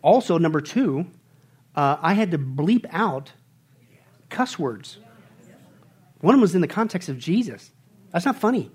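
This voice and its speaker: High-voiced preacher, loud and animated. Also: male voice, measured pace, pauses often, slightly rough. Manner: swings from quiet to loud, mocking voices. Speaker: pastor. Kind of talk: sermon.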